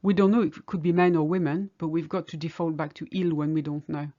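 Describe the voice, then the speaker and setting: A woman's voice: low voice, steady tone, fast talker, warm tone, dull audio. A woman teaching a language lesson, patiently explaining each example step by step. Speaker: French teacher.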